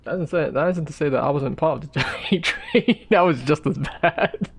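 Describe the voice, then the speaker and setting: A man's voice: a little high, animated, normal speed, creaky, breathy edge. A man chatting casually and rambling while he sketches on a live stream. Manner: rambling, laid-back, trails off to mutter while sketching. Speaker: art streamer. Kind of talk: casual chat while drawing.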